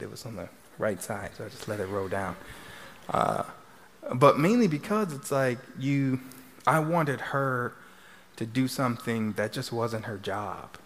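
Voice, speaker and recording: Middle-aged man, chatty therapist talk, mid-pitched voice, faint ambience. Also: slight background noise. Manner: chatty, tags sentences with "right?". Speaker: couples therapist. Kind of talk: speaking to a live audience. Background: audience laughter.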